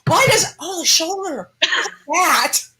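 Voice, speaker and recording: A woman's voice: very high-pitched, expressive, takes it slowly, bright, forceful tone, soft background music, pitched above the performer's own voice, heavily acted, poor audio. A woman voicing a whiny demon stuck in an aching human body, groaning and complaining.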